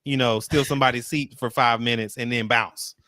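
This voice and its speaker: A man co-hosting a casual reaction chat, animated and direct with his listeners. His voice is bright and smooth, recorded close and dry. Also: mid-range voice, a little fast, no room sound. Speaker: co-host of a reaction show.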